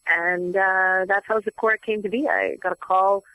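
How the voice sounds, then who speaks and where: Woman guest, bright and lively, dry close sound, chatty anecdotes. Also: mid-range voice, no echo, poor audio. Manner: animated, chatty, quick to laugh. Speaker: voice actress guest. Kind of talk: casual interview storytelling.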